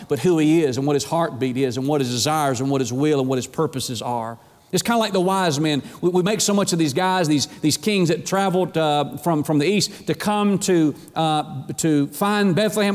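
A male preacher delivering a fervent, conversational sermon with frequent repetitions. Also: a little high. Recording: long hall reverb.

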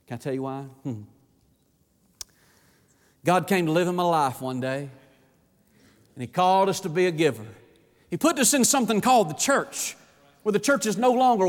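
A pastor preaching a folksy sermon that rises to shouting on its key points. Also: male voice, high-pitched, a little fast. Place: church sanctuary. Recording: long church reverb.

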